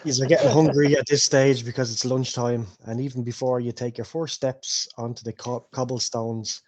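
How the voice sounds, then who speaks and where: A man, narrating and running a tabletop game as game master in a relaxed, descriptive, jokey way. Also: mid-range voice, normal speed.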